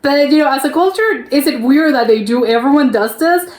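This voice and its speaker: A woman's voice: high voice, animated, fairly quick, darkish tone. A young woman from the United States hosting a reaction video, rambling casually with lots of fillers and restarts. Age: young adult. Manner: rambling, full of fillers and restarts, laughs easily. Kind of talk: casual chatty reaction commentary. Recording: echoey room.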